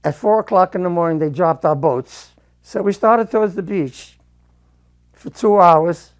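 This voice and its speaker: An older man with a high voice gives an emotional, halting testimony about his personal war experience. He repeats phrases as he recounts what happened.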